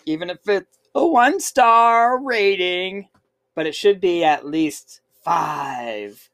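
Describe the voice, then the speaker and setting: A woman's voice: lowish voice, lively intonation, slow. A woman in her forties hosting a podcast from home, chatting casually in a playful, teasing way. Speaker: podcast host. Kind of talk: casual family chat. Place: at home, indoors.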